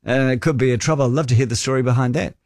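A man's voice: medium pitch, very fast, a little mellow, no echo, clean studio sound. A man in his forties with a New Zealand accent, hosting a talkback radio show and telling stories in a chatty, wry way.

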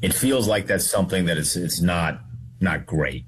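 A man's voice: deep voice, moderate pace, a little hiss or hum. A young adult man telling a story casually on a radio show, rambling and hesitant. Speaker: radio guest.

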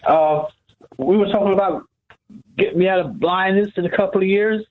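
Halting male caller on a phone line. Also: sits high, slight background noise. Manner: halting, repeats words. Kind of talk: phone-in call.

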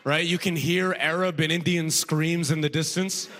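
A man's voice: a little high, steady tone, moderate pace, in a large hall, background noise. A young man from Sudan, doing a conversational stand-up comedy set on stage, tagging lines with "right?" and laughing along. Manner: conversational, self-deprecating, frequent "right?" tags and laughs. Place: comedy club stage before a live audience.

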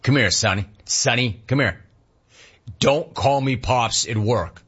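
A man voicing his strict father who is also his boss, firm and scolding, in a husky voice. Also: medium pitch, a little slow, a bit bright, muffled recording. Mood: stern.

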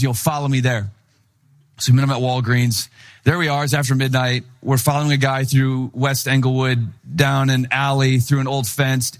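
A young man from Wisconsin preaching a sermon, telling a personal story with lively acted-out voices. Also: fairly high pitch. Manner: animated storyteller, acts out voices in anecdotes. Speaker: pastor.

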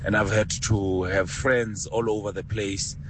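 A South African man with a Sesotho accent calls in to a radio show, talking with exuberant, animated enthusiasm. A faint hiss sits behind his voice. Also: on the low side, measured pace. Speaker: caller. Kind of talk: phone-in comment.

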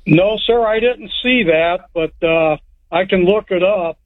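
A man's voice: high-pitched, unhurried. A man calling in to a radio show, telling a story in a rambling, plain-spoken way. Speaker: caller. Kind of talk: phone-in storytelling. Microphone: telephone. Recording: tinny phone line.

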